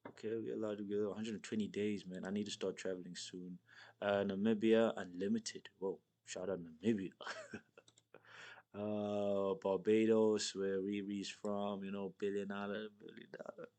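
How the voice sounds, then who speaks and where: A man's voice: fairly low pitch, warm tone. A young man from South Africa hosting his own show, chatting loosely on his own, swearing freely and reading out lists with asides. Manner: loose, rambling, swears often, reads lists aloud. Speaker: podcast host. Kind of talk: casual solo stream chat.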